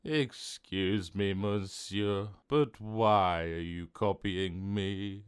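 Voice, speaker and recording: A man's voice: lowish voice, very animated, a bit bright. A man doing a sad little copycat. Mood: forlorn. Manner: slow, mournful echoing. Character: lonely traveler who repeats everything, sad.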